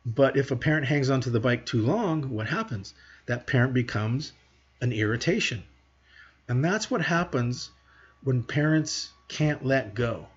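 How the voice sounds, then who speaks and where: Earnest man with a husky voice. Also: medium pitch, expressive, unhurried, dull audio. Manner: earnest, talks to parents directly with rhetorical questions. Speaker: parenting educator. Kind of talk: teaching monologue to camera.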